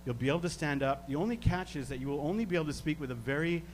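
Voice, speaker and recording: A man from Canada, working as a stage hypnotist, giving slow, soothing suggestions and chuckling between them. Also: on the high side, slight background noise. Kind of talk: live hypnosis demonstration.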